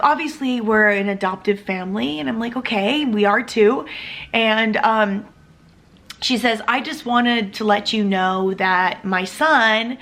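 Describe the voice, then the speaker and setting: A woman in her thirties vlogging to her viewers, an adoptive mother telling a personal story. She talks in a chatty, heartfelt way, full of fillers, and her voice has a gravelly, fry-tinged edge at a mid pitch. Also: a bit bright. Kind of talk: casual storytelling to camera.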